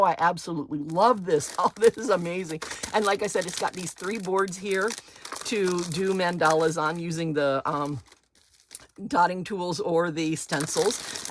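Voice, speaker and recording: A woman hosting a craft channel, chatting excitedly as she unboxes supplies and gushes over each item. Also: lowish voice, slight background noise. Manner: gushing, excited, squeals with delight over items.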